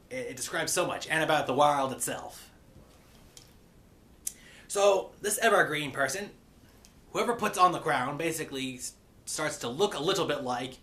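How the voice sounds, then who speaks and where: A man's voice: mid-range voice, pushed and bright. A man giving a rambling, casual recap of a cartoon episode, with many fillers and the odd playful pirate growl.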